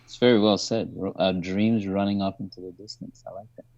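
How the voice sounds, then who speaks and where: A man's voice: low-pitched, fairly even intonation, a little fast, a little mellow, dry recording. Laughing man on a dull line. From Trinidad. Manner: laughing, anecdotal storyteller. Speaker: guest actor. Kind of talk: casual chat.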